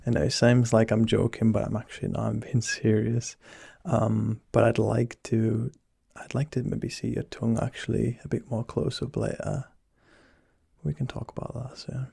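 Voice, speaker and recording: A soft, husky young man in a whispered role-play as a teasing doctor. His low voice has a gravelly edge and a dark, mellow tone, and it stays close and dry on the mic. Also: level tone, moderate pace, no room sound.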